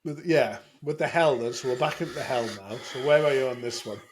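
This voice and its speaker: A man's voice: medium pitch, a little fast, slight background noise. A man co-hosting a casual beer podcast, chatting with many restarts and bursts of laughter. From Scotland. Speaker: podcast co-host. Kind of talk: casual chat.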